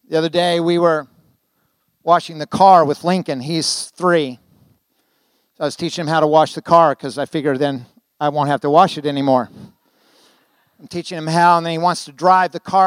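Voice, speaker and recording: A man's voice: on the high side, clean tone, no echo. An older man preaching a sermon in a church, telling folksy stories and asking the congregation rhetorical questions. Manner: folksy storytelling with quick asides and rhetorical questions. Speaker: guest preacher. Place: church sanctuary.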